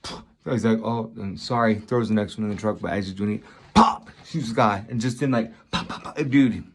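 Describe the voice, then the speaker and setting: Husky low-voiced guy gushing about a movie, rambly and repeating himself. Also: fairly quick. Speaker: movie reviewer vlogger. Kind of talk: casual movie review vlog.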